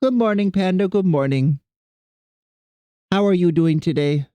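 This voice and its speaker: A man's voice: high voice, a little slow, warm tone, clean tone, no echo. A man streaming and chatting casually with his viewers, rambling and self-deprecating as he greets people in chat.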